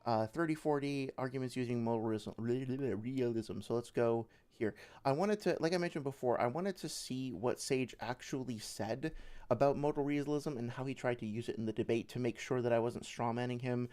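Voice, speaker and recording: A man's voice: mid-range voice, normal speed, darkish tone. A young man giving casual livestream commentary as a debate reviewer, rambling with many fillers and restarts.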